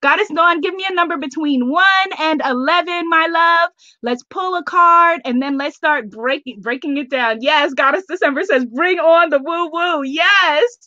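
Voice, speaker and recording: A woman's voice: high-pitched, normal speed, pushed and bright, no echo, dull audio. A woman hosting a live online planning call. She cheers, greets each viewer by name and laughs often.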